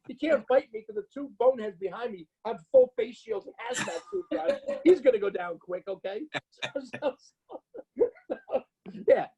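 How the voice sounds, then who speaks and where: A husky-voiced man with a New Jersey accent tells stories in loose, profane casual chat. His pitch swings widely as he acts out the people he quotes. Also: dark tone, low-quality recording. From Bloomfield, New Jersey. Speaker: podcast guest.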